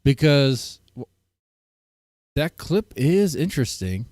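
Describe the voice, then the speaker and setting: A man's voice: mid-range voice, sing-song, takes it slowly, darkish tone, dry recording, studio quality. A man streaming casually, reacting to clips in a blunt, rambling way and often breaking off mid-sentence. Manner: blunt, rambling, self-interrupting. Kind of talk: casual chat.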